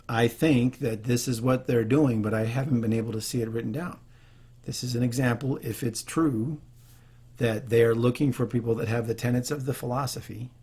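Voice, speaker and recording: In an unscripted piece to camera for a leadership video, a man speaks with earnest emotion, his voice catching as he keeps restarting. His pitch is medium and his tone warm, with a breathy edge.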